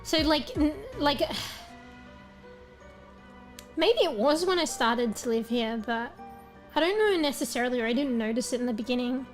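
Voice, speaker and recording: A woman's voice: sits high, expressive, moderate pace, pauses often, soft background music. A woman streamer chatting casually with viewers. She rambles, swears often, and is losing her voice.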